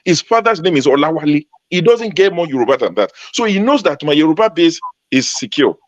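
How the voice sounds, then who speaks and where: A man's voice: on the high side, sing-song, fairly quick, no room sound. Emphatic man in heated debate. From Nigeria, Ogun State. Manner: emphatic, argumentative, repeats points for force. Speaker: panel guest. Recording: dull lo-fi sound.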